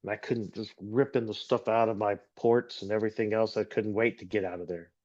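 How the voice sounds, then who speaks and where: A middle-aged man from Texas giving an earnest, halting personal testimony as a guest speaker, often repeating words as he gathers his thoughts. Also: on the low side, steady tone, a little mellow. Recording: dull lo-fi recording.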